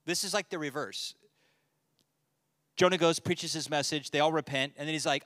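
A man's voice: fairly high pitch, normal speed, long pauses, fairly bright tone, no room sound, studio quality. A man, a pastor, giving a casual, joking Bible teaching to a men's study group and reading scripture aloud.

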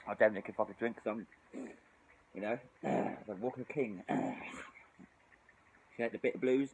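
A British drinking vlogger, tipsy and shivering in the cold outdoors, rambles and swears through a casual vlog, sighing often. His voice is fairly low and a little mellow, at a normal speed. The audio is poor, with slight background noise.

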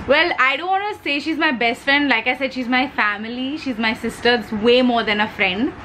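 A woman's voice: sits high, normal speed, bright, forceful tone, slight background noise, rough recording. A young woman with an Indian English accent chatting casually as a beauty vlogger while she does her makeup, playful and talkative, dropping Hindi words.

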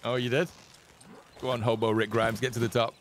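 A man's voice: mid-range voice, little pitch movement, brisk. Teasing gamer man, noisy mic. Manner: teasing, laughing often. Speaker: co-op gaming guest. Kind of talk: casual co-op gameplay chat. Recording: clear background noise.

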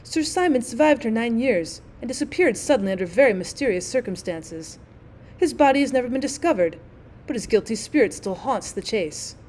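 A woman voicing an old female housekeeper in a storybook reading, speaking low, slow and hushed with a mysterious, ominous air. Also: animated, a little hiss or hum, natural voice.

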